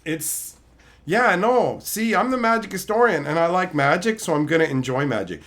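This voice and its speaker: A man's voice: sits high, animated, normal speed, a bit bright. A man streaming live, ranting casually with lots of swearing, mocking jabs and laughter. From Canada.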